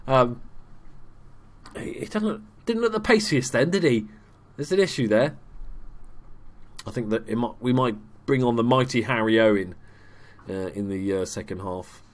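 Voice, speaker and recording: Guy, young adult, casual gaming commentary, chatty, self-mocking, swears when excited. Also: medium pitch, normal speed, long pauses. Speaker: gaming YouTuber. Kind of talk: casual let's play commentary.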